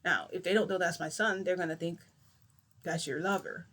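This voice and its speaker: A woman's voice: fairly low pitch, moderate pace. A young woman casually telling a long story, rambling and acting out what everyone said. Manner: rambling, animated retelling with acted-out quotes and mild swearing. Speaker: vlogger telling a shifting story.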